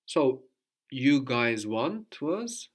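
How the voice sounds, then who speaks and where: A man's voice: mid-range voice, sing-song, drawn-out words. A man teaching a language lesson, asking questions patiently and repeating his student's answers.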